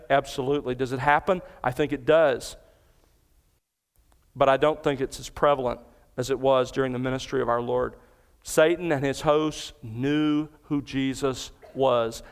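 Male pastor, sermon delivery, resonant and clear tone, big reverberant church. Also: medium pitch. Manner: earnest expository preaching, cites scripture references.

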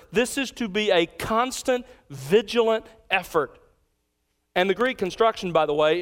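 A male pastor delivers a sermon in a fairly high, clear and resonant voice. He is emphatic and slows down to repeat his key lines.

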